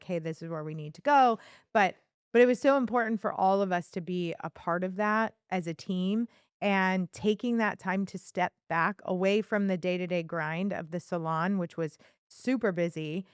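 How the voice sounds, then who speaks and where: A woman's voice: medium pitch, a little slow, clear, resonant tone, no room sound, studio quality. A woman co-hosting a business podcast, casually recounting her career in an affirming storytelling manner. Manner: storytelling, warmly affirming, many restarts. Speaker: podcast co-host, salon business owner.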